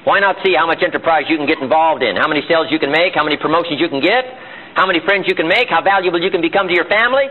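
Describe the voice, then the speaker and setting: On a tinny, lo-fi archival seminar tape, a man delivers a live motivational talk in a meeting room. His voice is on the high side and he races along, emphatic and firing off rhetorical questions.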